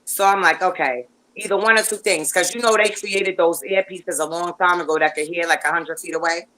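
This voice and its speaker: Bright-voiced woman telling a story. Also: lowish voice, brisk, poor audio. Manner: animated, rambling, lots of fillers and restarts. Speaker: guest. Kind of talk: casual storytelling chat.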